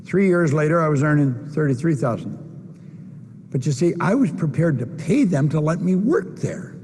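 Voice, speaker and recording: An older man with a husky, fairly high voice delivers a motivational keynote from a convention stage. He speaks emphatically and keeps coming back to the same phrases. His voice carries a long reverb from the large hall. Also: expressive, normal speed, warm tone. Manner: emphatic, repeats key phrases.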